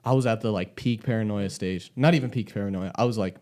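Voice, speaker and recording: A man's voice: fairly low pitch, quick pace, darkish tone. A young man telling a casual, rambling story on a podcast, swearing a lot and laughing often. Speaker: podcast host.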